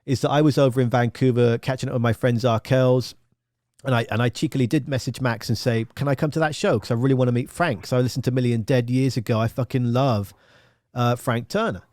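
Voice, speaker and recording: A male radio host telling stories in casual chat, animated, swearing and laughing often. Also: medium pitch, fairly quick, dry recording, studio quality. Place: home studio with two cameras.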